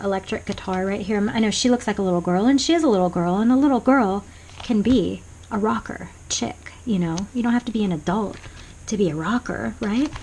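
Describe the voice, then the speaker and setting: A woman casually showing a handmade journal page by page, rambling softly with many pauses and restarts at her home desk. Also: medium pitch, a little hiss or hum, rough recording. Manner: rambling and soft-spoken, many ums and restarts. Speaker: craft vlogger. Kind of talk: casual show-and-tell flip-through.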